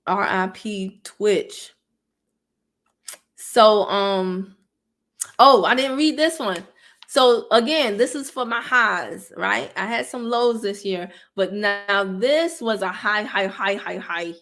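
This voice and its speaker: A thirties-aged woman, an online business coach, runs a relaxed livestream where she chats openly with viewers, reads their comments out loud, and laughs a lot. Her voice sits in the middle range with a fairly bright tone, and she speaks slowly.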